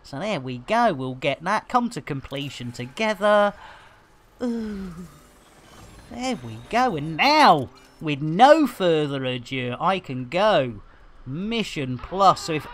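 A man's voice: high voice, sing-song, takes it slowly, a bit bright. A man giving live, joke-filled commentary while streaming a game, full of puns and cheeky wordplay.

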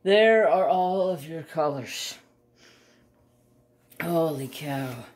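A woman hosting a crafts channel, chatting casually and gushing with excited exclamations as she unboxes a kit. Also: low voice, drawn-out words. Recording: roomy echo, faint ambience.

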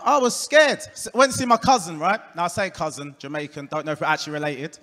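A high-pitched, bright-toned man with an Essex accent performs stand-up on a club stage. He lands punchlines deadpan and chats with the crowd. The room carries a long, roomy reverb. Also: fairly quick, few pauses. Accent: Essex English. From England. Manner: deadpan punchlines, crowd work, puts on voices for quoted people. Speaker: stand-up comedian. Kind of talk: stand-up comedy set. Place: comedy club stage before a live audience.

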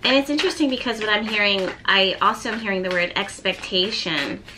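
A woman giving a tarot reading to her viewers, gently encouraging them and reading card texts aloud. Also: medium pitch, a little fast, a little hiss or hum. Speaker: tarot reader.

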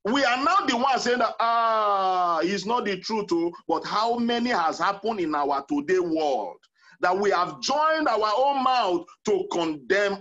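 A man's voice: high voice, a bit bright, muffled recording. A man preaching a sermon as pastor, emphatic and counting off numbered points.

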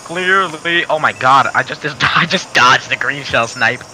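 A man playing an online kart race with friends, loud and excitable, shouting and shrieking at wins and losses. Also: medium pitch, a little slow, faint music behind, low-quality recording. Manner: loud, shrieks and shouts when losing or winning. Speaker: online game player. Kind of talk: excited gaming banter.

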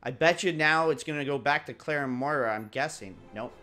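Young dude laughing through a game playthrough, jokey, does silly voices, slightly higher voice. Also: male voice, fairly quick, music in the background. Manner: joking, laughs often, mimics characters. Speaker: gaming commentator. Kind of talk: casual let's-play commentary.

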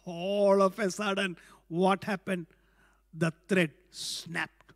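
A man preaching a sermon to an empty church, telling a story slowly with many fillers. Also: high voice, flat delivery, big-room sound. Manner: slow, hesitant, many fillers. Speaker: pastor. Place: church without congregation.

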